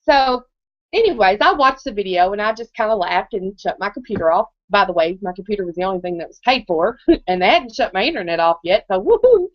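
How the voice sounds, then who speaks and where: At a live presentation, a woman in her thirties tells her motivational story in a medium-pitched voice, keeping it conversational and often checking in with her listeners. The recording is dry, dull and muffled.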